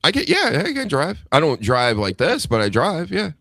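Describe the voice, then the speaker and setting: Animated, bright-voiced ranting man. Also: on the high side, moderate pace, creaky, no room sound, studio quality. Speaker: podcast host. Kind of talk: casual podcast chat.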